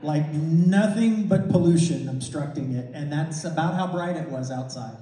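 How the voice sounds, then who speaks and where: A man preaches a testimony sermon, his somewhat high, mellow voice acting out conversations and often restarting his sentences. He sounds distant from the microphone, and a long, echoing hall reverb trails every phrase. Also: moderate pace. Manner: storytelling, acts out dialogue, frequent restarts and self-corrections. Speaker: minister reporting on a mission trip. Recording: echoey hall, mic far off.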